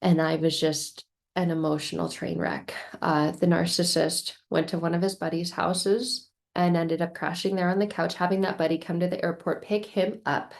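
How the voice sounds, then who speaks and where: A woman speaks in a lowish voice with a gravelly edge. She recounts a painful personal story for her vlog, candid and emotional, often restarting her sentences as she goes. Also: level tone, moderate pace. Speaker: vlogger sharing a personal story.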